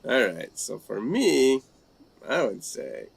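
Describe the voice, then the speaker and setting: Man, language chat host, slow deliberate delivery, gravelly fry in the voice, halting tries at foreign phrases. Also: mid-range voice, huge pitch swings. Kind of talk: casual live-stream chat.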